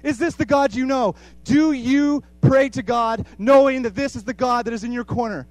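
A man preaching a sermon with passion, repeating phrases for emphasis and swinging between hushed and loud. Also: very high voice, normal speed, no echo.

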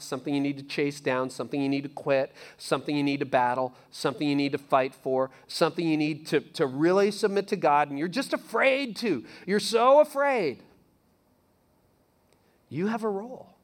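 A man's voice: on the high side, brisk. A man preaching a sermon in a casual, conversational way, swinging from emphatic lines to near-whispers. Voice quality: animated, conversational preaching with sudden soft drops. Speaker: pastor.

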